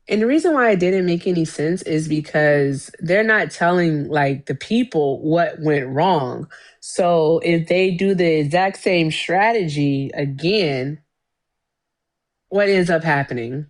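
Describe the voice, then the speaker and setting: A woman co-hosting a casual political chat, reacting in an animated, incredulous way. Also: low voice, a little slow.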